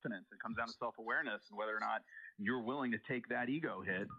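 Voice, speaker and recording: A man's voice: on the low side, rapid-fire, muffled recording. A man hosting a podcast interview, conversational as he ties points back together. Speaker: podcast host.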